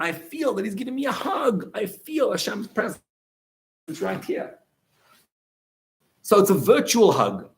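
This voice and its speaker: A man gives an animated talk to high school students as a rabbi. His pitch swings widely as he acts out little scenes and quotes. He keeps it casual and conversational, never stiff. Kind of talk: lively motivational talk.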